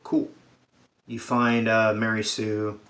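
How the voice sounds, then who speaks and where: A man's voice: lowish voice, completely flat delivery, takes it slowly, a bit bright. A man giving a sarcastic, profane comedic rant about a film, acting out characters' lines as he goes. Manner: sarcastic, swears a lot, acts out characters' lines.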